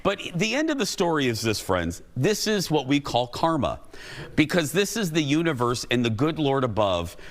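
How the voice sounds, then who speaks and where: A middle-aged male talk show host spins a chatty, self-mocking story for a studio crowd. His voice sits a bit high and bounces all over the place as he talks. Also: sing-song, normal speed. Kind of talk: comic storytelling to a studio audience.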